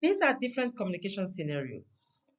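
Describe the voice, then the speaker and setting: A woman teaching a recorded lesson on communication, with an emphatic delivery that stresses words through sharp changes in pitch and loudness. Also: big pitch swings, a little fast, muffled recording.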